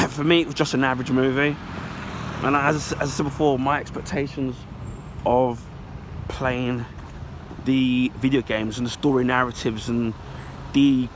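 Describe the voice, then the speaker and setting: Brit guy, hoarse and bunged up, mid-pitched, rambling casual movie-review vlog with faint background noise. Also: a bit bright. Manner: rambling, self-correcting. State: hoarse and congested. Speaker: film reviewer.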